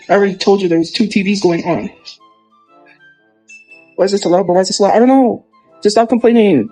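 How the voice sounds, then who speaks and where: A young man with a high voice talks quickly and casually into his phone on a livestream. He rambles and gets defensive as he answers viewer comments, with faint music behind him. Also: darkish tone, rough recording.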